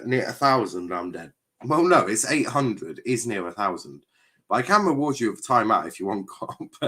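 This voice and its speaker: Animated, swearing man. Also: medium pitch. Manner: exasperated, swearing, chatty reactions to the match. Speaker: streamer hosting a football watchalong. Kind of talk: live football watchalong commentary.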